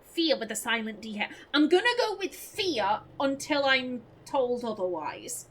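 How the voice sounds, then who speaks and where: Animated, high-pitched woman gamer. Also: a little slow, low-quality recording. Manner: excitable, rambling, self-interrupting. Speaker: let's play host. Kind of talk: casual gaming commentary and reading aloud.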